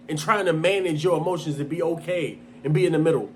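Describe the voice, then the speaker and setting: A man delivers a fired-up motivational monologue, his raised voice swinging widely in pitch as he hammers the same points again and again. He mocks lukewarm wishes in a flat, bored tone before bursting back into intensity. Faint noise sits under the recording. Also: brisk. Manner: intense, emphatic, repeats points, mocking quotes in a flat low voice. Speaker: motivational speaker. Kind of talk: impassioned self-help monologue.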